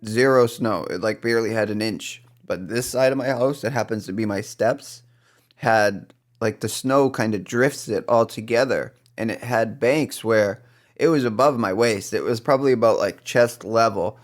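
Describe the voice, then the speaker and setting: A man's voice: fairly low pitch, normal speed. A man with a Boston accent, co-hosting a casual podcast and rambling through stories with many restarts. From East Coast US. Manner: rambling, self-correcting storyteller. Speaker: podcast co-host. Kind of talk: casual chat.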